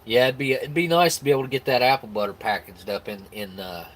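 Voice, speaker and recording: A man's voice: medium pitch, steady tone, quick pace, fairly bright tone. An American man hosting a live stream, chatting casually and rambling easily as he reacts to viewer comments. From United States. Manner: rambling, easygoing, with frequent restarts and laughs.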